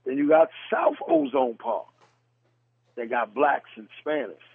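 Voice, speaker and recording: Podcast host, new york man, gravelly, husky, blunt, phone-line sound. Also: a little high, huge pitch swings, unhurried. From New York City. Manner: blunt storyteller, mimics dialects. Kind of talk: casual chat.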